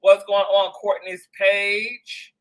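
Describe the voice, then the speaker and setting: A man hosting a casual livestream, greeting viewers one by one with lively slang. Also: high-pitched, takes it slowly, rough recording. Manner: animated, shouting out viewers, slang-heavy. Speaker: livestream host.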